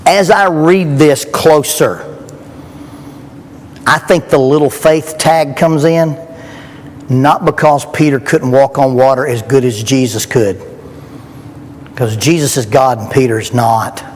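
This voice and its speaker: A middle-aged man preaches slowly at a youth rally, pausing often, his medium-pitched voice a little mellow. He is earnest and emphatic and asks rhetorical questions, recorded in a church hall with long reverb and faint background noise.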